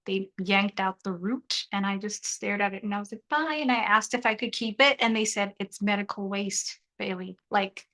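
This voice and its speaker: A woman's voice: mid-range voice, flat delivery, moderate pace, hardly any pauses, sharp tone, low-quality recording. A young woman hosting a casual live stream, joking and reading the chat aloud while half of her mouth is still numb from dental surgery. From South Africa.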